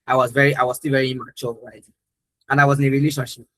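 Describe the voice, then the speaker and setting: A man's voice: mid-range voice, little pitch movement, rapid-fire, bright, forceful tone, low-quality recording. A young adult man, a trainer, telling a personal story in an earnest, emphatic way during a live training talk.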